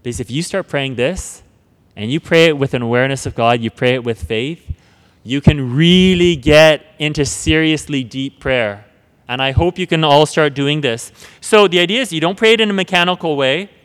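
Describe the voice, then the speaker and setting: A man giving an earnest spoken teaching on prayer, often repeating words and dropping to a hush when reciting prayers. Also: a little high, moderate pace, smooth. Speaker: preacher. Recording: long hall reverb.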